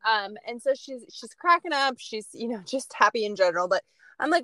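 Higher-voiced, enthusiastic mom storyteller. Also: female voice, sing-song, fairly quick, no echo. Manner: enthusiastic, warmly affirming storyteller. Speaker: mother. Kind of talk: casual podcast chat.

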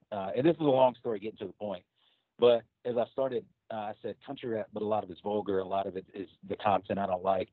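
A guest musician with a lowish voice talks casually about his music in an interview, rambling loosely with plenty of fillers and retold conversations. The sound is dry and phone-quality.

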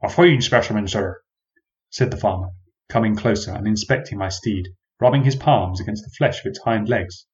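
A man telling a first-person story in measured, wry, old-fashioned formal phrasing. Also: on the low side, darkish tone, muffled recording.

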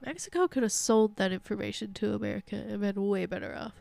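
Gravelly, wisecracking woman co-host. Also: medium pitch, fast talker, warm tone, no echo, studio quality. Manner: wisecracking interjections. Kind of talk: casual chat.

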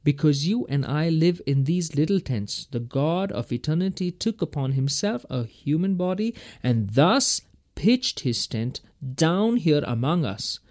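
A man's voice: on the high side, expressive, measured pace, darkish tone. A man teaching verse by verse through a Bible passage in a folksy, emphatic way, chuckling between his points.

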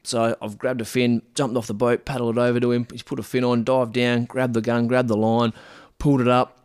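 A man, a podcast host telling a story in a relaxed, slangy way with many fillers and restarts. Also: mid-range voice, a little fast, clean tone, no room sound, clean studio sound. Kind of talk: casual storytelling.

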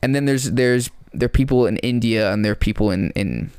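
A man's voice: medium pitch, a little fast, a little mellow, clean tone, dry recording, clean studio sound. A young man co-hosting a podcast in casual chat, rambling with many fillers and restarts. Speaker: podcast co-host and musician.

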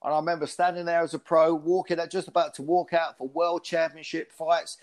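A man from the UK in his fifties tells stories as an interview guest, in a slightly higher voice than usual. He restarts his phrases often and talks with animated energy. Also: brisk. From United Kingdom. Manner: animated storyteller with frequent restarts. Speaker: guest, former pro boxer and speaker. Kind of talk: casual interview storytelling.

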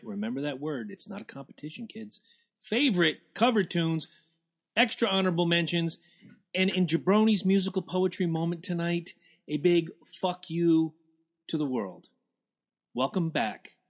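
A man's voice: a little high, fairly bright tone. Joking, swearing podcast co-host man. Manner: loose and joking, swears freely. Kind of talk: casual profane banter.

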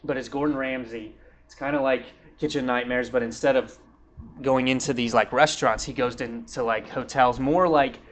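A man's voice: medium pitch, fairly even intonation, normal speed. A man giving a sermon at church in a loose, conversational way, full of fillers and restarts. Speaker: pastor. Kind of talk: casual sermon. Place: church hall.

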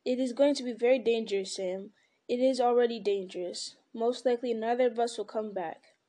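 A terse, brooding young hobbit man, as a woman reads him in a storybook. He sounds grave and determined, in a soft, mellow voice pitched a little high. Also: a little fast, lightly acted. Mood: resolute. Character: troubled, resolute young male hobbit.

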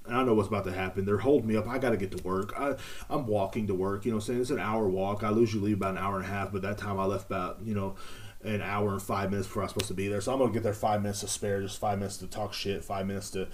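Male podcast host, lowish voice, loose rambling storyteller. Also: fairly even intonation, quick pace. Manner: rambling, jokey storytelling with frequent fillers. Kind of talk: casual solo podcast monologue.

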